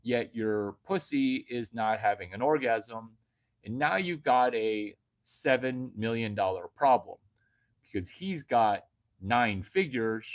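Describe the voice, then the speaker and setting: Brash man doing a slow stand-up monologue. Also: mid-range voice, animated. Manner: brash, jumps between whispers and sudden loud outbursts. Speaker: comedian.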